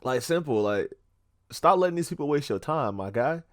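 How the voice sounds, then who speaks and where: A man's voice: on the high side, expressive, normal speed, no echo, studio quality. A young man giving blunt, profane advice to a friend on a casual podcast. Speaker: podcast co-host.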